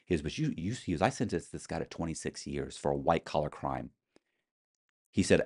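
A man's voice: rumbling low, vocal fry, darkish tone, breathy edge. A man telling a long story as an interview guest, acting out the people he quotes and swearing freely.

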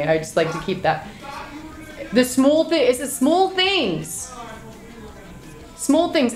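A woman's voice: mid-range voice, echoey room. A woman in her thirties casually telling a story to her stream chat. She is chatty and swears freely.

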